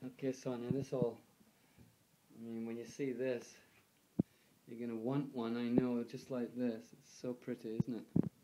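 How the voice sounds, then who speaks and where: A man's voice: mid-range voice, flat delivery, a little slow, very noisy. A man filming and chatting with his host in her home, eager and talkative. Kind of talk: home video conversation. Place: in a home, indoors.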